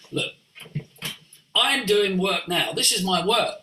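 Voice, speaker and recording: An older man, a voice coach, tells stories in an expressive way, moving between hushed asides and sudden exclamations. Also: high-pitched, moderate pace. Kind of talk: animated storytelling. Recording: roomy echo.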